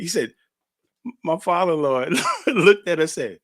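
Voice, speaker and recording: A man's voice: on the high side, lively intonation, moderate pace, a bit bright, no room sound, studio quality. A man hosting a podcast, talking in a chatty, folksy way and laughing as he tells stories. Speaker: podcast host. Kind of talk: casual podcast monologue.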